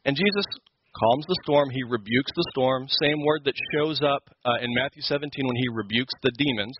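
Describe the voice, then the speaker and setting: A man's voice: medium pitch, normal speed, highs cut off, noisy background. A man teaching a Sunday school lesson, explaining scripture in an emphatic, conversational way. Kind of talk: Bible teaching.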